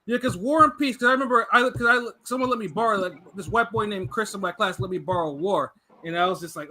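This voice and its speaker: Male co-host, high and bright, chatty with stuttering restarts. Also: quick pace, few pauses. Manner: stammering restarts, laughs often. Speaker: podcast co-host. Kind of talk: casual chat.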